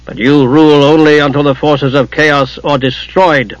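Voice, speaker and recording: A man voicing a stern, grim male god in an audiobook, speaking gravely. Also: fairly high pitch, fairly even intonation, moderate pace, dry recording, close to an everyday voice. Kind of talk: audiobook character reading. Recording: muffled lo-fi recording.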